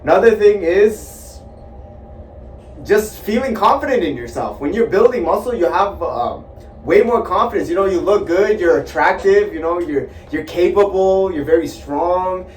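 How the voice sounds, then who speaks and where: A man talks loosely and casually, leaning on fillers like "you know". His voice is fairly high. He sounds echoey and distant, with faint noise behind him. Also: normal speed. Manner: relaxed, loose, filler-heavy talk. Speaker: personal trainer, guest. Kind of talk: casual conversation. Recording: echoey room, far from mic, faint noise.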